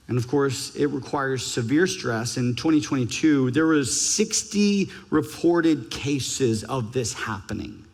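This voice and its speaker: High-pitched, slow-talking preacher in a hall. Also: male voice. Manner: emphatic, varies pitch and pace widely, drops to a hush for scripture. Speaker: pastor. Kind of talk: sermon. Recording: long church hall reverb.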